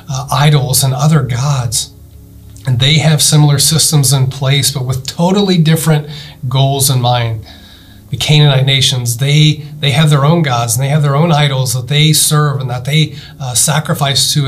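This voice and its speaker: Pastor, male, mid-pitched voice, earnest sermon delivery with soft music underneath. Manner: earnest preaching, rising emphasis, slowed scripture reading; addresses listeners directly with questions.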